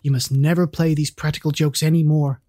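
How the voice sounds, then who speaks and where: A stern, brisk father in a storybook reading, put on by the narrator. He sounds clipped and reproachful, in a mellow, dry voice. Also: mid-range voice, level tone, no room sound, lightly acted. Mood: scolding. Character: stern middle-aged father, brisk and scolding.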